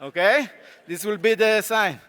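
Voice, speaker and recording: A man with a sore throat speaks slowly in a high, bright voice, playfully directing volunteers on a conference stage. His voice rings with a long hall reverb, and a faint crowd murmurs behind him. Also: heavy background noise. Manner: playful, animated, coaxing the audience. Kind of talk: live on-stage tech talk directing volunteers.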